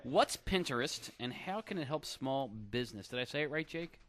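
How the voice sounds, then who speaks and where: A man's voice: mid-range voice, lively intonation, a little fast, a crowd in the background. A man co-hosting a casual studio chat show, playful and laughing as he runs through the day's topics. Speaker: co-host presenting the rundown.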